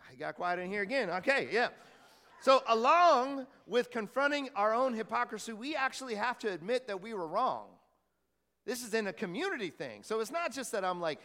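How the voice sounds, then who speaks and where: A pastor preaching a sermon in a church, talking conversationally and asking the congregation questions. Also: male voice, high-pitched, bright, forceful tone, big-room sound. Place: church hall.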